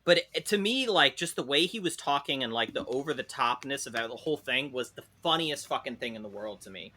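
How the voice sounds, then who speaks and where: A man telling a funny story on a casual podcast. He is animated, swears freely and often laughs. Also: mid-range voice, brisk. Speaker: podcast co-host.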